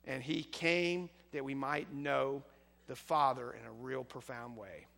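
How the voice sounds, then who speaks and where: A man preaching a sermon as pastor, building to emphatic points and then leading a soft, slow prayer. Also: medium pitch, fairly even intonation, vocal fry, big-room sound.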